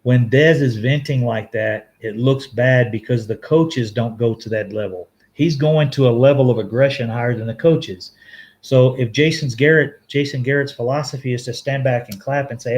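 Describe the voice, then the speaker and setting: A man hosting a casual live-stream sports talk and reading viewer comments. He rambles with halting restarts and frequent self-corrections, and laughs easily. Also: mid-range voice, a little mellow. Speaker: fan show host reading live chat.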